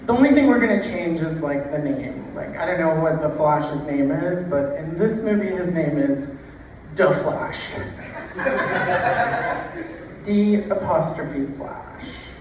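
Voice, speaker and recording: A woman stand-up comedian telling jokes in an unhurried, deadpan way, stretching out her punchlines. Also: deep voice, slight background noise. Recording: echoey room heard from a distance.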